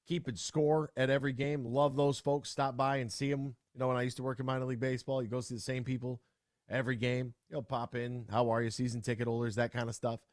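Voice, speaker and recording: A young adult man hosting sports talk radio, talking casually and ranting with sudden loud outbursts. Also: medium pitch, level tone, fast, no echo, clean studio sound.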